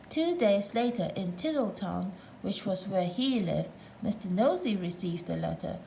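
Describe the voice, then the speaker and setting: A woman's voice: mid-range voice, animated, measured pace, creaky, few pauses, a little mellow, slight background noise, poor audio. A woman narrating a children's storybook aloud, with playful asides to the listener.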